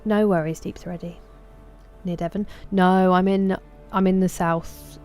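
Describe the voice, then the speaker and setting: Low, mellow Sussex woman streaming. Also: little pitch movement, a little slow, soft background music. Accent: Sussex English. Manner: chatty, greets viewers by name. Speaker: game streamer. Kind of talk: casual live-stream chat.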